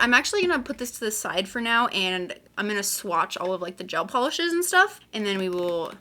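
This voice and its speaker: A woman's voice: medium pitch, brisk, hardly any pauses. Gushing woman unboxing nail supplies. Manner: gushing and excitable, with gasps and frequent "like". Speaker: nail vlogger. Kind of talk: unboxing vlog.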